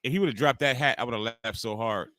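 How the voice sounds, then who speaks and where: A man's voice: mid-range voice, fast talker, bright, forceful tone, no room sound. A young man hosting a live watch-along stream, joking loosely and talking to chat viewers by name. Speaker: livestream host.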